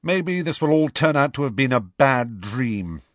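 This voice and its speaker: A man's voice: mid-range voice, lively intonation, measured pace, no echo, clean studio sound, voice pushed up, natural voice. A man voicing a tired, wistful teenage girl athlete in a storybook reading, with a raised voice. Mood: weary. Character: weary teenage girl sports player.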